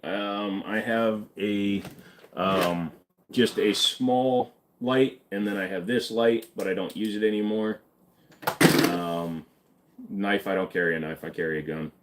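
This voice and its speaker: A man's voice: fairly low pitch, fairly even intonation, unhurried, slight background noise. A man hosting a live stream, casually reading and answering chat questions in an offhand, joking way.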